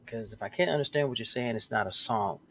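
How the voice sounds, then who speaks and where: A man hosting a casual group video chat, animated and joking, laughing often. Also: mid-range voice, fast, husky. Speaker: host. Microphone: video call.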